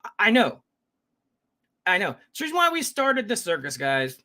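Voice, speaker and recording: With huge pitch swings in his high voice, a live reaction host chats with viewers at a moderate pace and a sharp tone. He greets people by name and rambles, frequently cutting himself off, in a casual stream.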